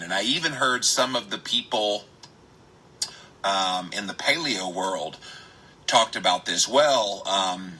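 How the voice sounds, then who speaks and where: A man hosting a live stream, chatting with viewers, greeting them by name and stressing words with drawn-out emphasis. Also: lowish voice, sharp tone, slightly rough, poor audio. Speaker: health podcaster.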